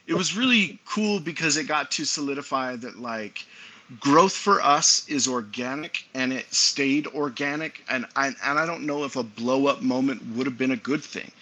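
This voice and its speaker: A man's voice: medium pitch, bright, forceful tone. A man guesting on a casual interview, laid-back and slangy, swearing freely and throwing in "dude". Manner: self-described enthusiast, talks with quick asides. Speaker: guest, cigar company owner.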